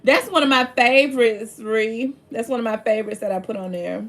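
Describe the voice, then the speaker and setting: Woman livestream host, high voice, chatty, greets viewers by name. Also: brisk, soft background music. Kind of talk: casual livestream chat.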